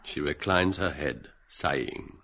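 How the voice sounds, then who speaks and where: A male narrator reads the stage directions in a measured way. His voice is deep and dry, and the recording is dull and lo-fi. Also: bright, forceful tone, no echo.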